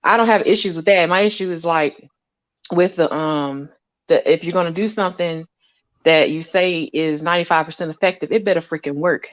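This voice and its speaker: A woman with a lower-than-usual voice talks casually about lab work and the people around her. She tells stories with energy, acting out what others said. The recording is close and dry. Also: fairly quick, dry recording, muffled recording. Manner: animated storyteller, acts out quotes, laughs often. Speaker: lab scientist guest. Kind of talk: casual conversation.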